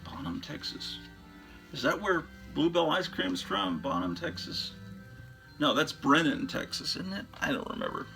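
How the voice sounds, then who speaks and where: A man's voice: on the high side, big pitch swings, moderate pace, creaky, hardly any pauses, sharp tone, faint music behind. A man hosting a show, chatting casually and enthusiastically about his record collection in a rambling way, often trailing off into fillers.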